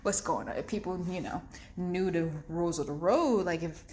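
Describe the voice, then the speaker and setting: A young adult woman telling a story in a casual vlog while driving home in her car, animated, acting out what people said and laughing often. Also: on the low side, moderate pace, slight background noise. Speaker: vlogger.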